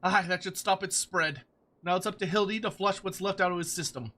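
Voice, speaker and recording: A man's voice: high voice, brisk, pushed and bright, pitched above the performer's own voice. A man voicing a brash middle-aged woman, a cook and healer mother who bosses others around. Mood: motherly. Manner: bossy, scolding.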